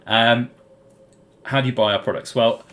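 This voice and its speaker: In a relaxed live-stream Q&A, a British man responds to viewers' chat questions, meandering with frequent fillers like "um" and "uh" and plenty of restarts. His medium-pitched voice is steady and a bit bright at a moderate pace.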